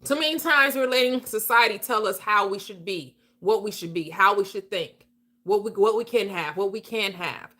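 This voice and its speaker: A woman's voice: medium pitch, moderate pace, pushed and bright. A woman hosting a livestream, giving a casual motivational talk with emphatic, preachy delivery and frequent laughter. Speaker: livestream host.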